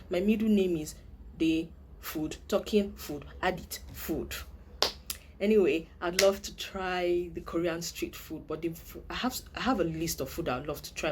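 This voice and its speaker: Playful young woman, low voice. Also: normal speed, slight background noise. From Nigeria. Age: young adult. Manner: playful and animated, laughing often. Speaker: vlogger. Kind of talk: casual chat to camera.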